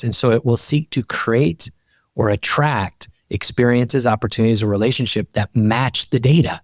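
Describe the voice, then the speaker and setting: Man, middle-aged, podcast guest, animated storyteller, emphatic, mid-pitched, dead dry sound. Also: moderate pace, dry recording. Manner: emphatic, voice climbing high when fired up. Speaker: podcast guest, author and coach. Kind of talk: animated personal storytelling in conversation.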